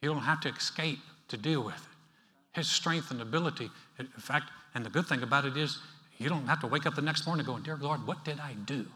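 A male pastor preaching a sermon in a church, talking in a conversational, animated way with playful asides. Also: medium pitch, brisk. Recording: reverberant hall.

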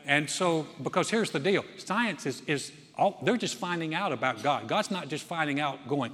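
A male pastor from North Carolina delivers a sermon. He talks in a folksy, conversational way with a somewhat high voice. Long reverb from a large church hall carries every line. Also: expressive, normal speed, hardly any pauses, fairly bright tone.

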